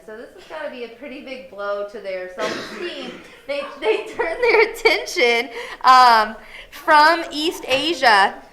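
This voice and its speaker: A woman's voice: a little high, fairly bright tone. A woman history teacher giving a casual, chatty classroom lecture. She often acts out quoted lines in a playful way. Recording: echoey classroom.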